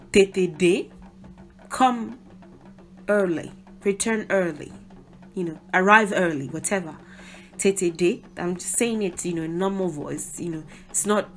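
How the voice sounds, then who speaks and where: A middle-aged woman explains a language lesson at an easy, conversational pace. She talks to the listener directly, with friendly asides and small restarts. Her voice sits at a middle pitch for a woman. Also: fairly bright tone. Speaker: Yoruba language teacher.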